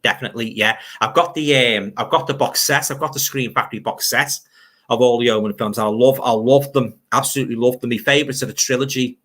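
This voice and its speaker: Speaking fast in a mid-range, fairly bright voice, this older Liverpudlian livestream host rambles about films. He reads out comments from viewers and grumbles as he goes along.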